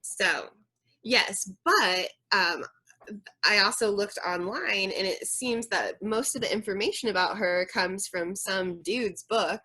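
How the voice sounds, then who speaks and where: Bright-voiced woman in casual podcast chat. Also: mid-range voice, slow pace, husky, poor audio. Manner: playful, rambling, laughs often.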